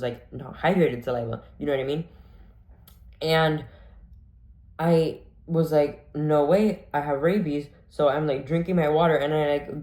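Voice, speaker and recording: A man's voice: a little high, a little mellow. A man rambles through a storytime vlog, his sentences chained with "like" and "and then". His voice rings in an echoey room. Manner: rambling, breathless storytelling full of "like". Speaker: vlogger.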